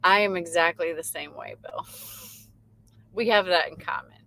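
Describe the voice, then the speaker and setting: A woman from Michigan hosts a casual late-night trucker livestream from her truck. Her voice is bright and forward, and her talk stays easygoing as she reads viewer comments aloud, answers them, and laughs along. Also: on the low side, normal speed, slight background noise, low-quality recording. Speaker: livestream host. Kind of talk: casual chat reading live comments.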